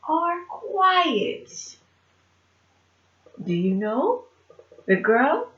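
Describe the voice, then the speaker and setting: A woman teaching young children online, speaking very slowly and clearly with a high, bright voice. She swings dramatically from hushed whispers to shouts. The room echoes and the sound is slightly dull. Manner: animated, slow and clear, whispers and shouts for effect.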